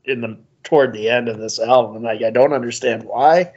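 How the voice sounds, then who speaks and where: A man's voice: mid-range voice, fairly quick, a little mellow, husky, lo-fi sound. A man co-hosting a podcast in casual chat, dry and sarcastic, often laughing as he critiques an album. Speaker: podcast co-host.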